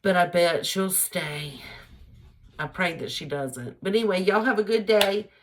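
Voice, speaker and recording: A woman's voice: on the low side, unhurried, background noise. A middle-aged woman, chatting opinionated relationship advice to her followers in a casual vlog, laughing easily. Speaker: vlogger giving advice.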